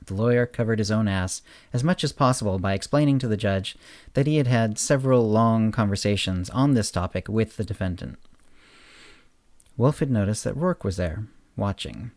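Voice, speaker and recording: A man hosting a podcast, reading his own short story aloud in a steady narration. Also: lowish voice, normal speed, no room sound. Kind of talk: audiobook-style story narration.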